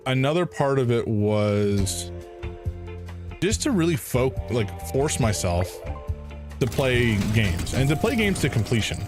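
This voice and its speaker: A man's voice: medium pitch, lively intonation, normal speed, over music. A man streaming a game, chatting casually in a rambling, hesitant way. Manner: rambling, hesitant, with many fillers. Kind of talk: casual gaming stream chat.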